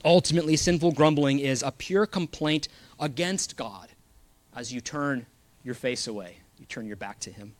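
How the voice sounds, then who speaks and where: A man's voice: mid-range voice, normal speed, no echo. A man preaching a sermon, earnest and emphatic, reading scripture aloud.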